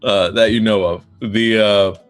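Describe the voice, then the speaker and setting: A man's voice: lowish voice, steady tone, faint music behind. A man narrating a tabletop game as game master, playful and laughing often. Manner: laughing often, playful, does quick character voices.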